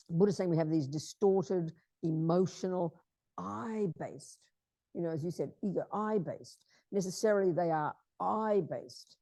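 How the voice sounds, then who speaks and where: A Buddhist nun giving an informal teaching talk, blunt and emphatic in a conversational way. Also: female voice, fairly low pitch, mellow, no echo.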